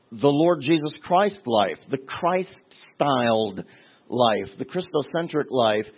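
A middle-aged man pastor preaching a teaching sermon, deliberate, with restarts and asides. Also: mid-range voice, slightly rough. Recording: tinny phone-like sermon recording.

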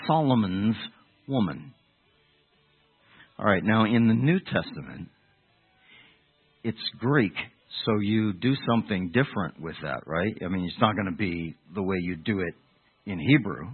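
A male preacher with a lowish, husky voice delivers a sermon, rambling with restarts and putting rhetorical questions to his congregation. The recording sounds tinny, like a phone.

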